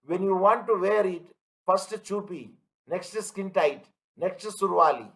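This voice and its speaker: A man's voice: sits high, unhurried, fairly bright tone, poor audio. A man teaching an online class, repeating his points and asking students if they follow. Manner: everyday analogies, emphatic. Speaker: lecturer.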